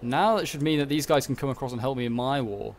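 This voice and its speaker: A young man giving casual commentary on a strategy game, thinking aloud and muttering quick reactions. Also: medium pitch, slight background noise. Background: background music.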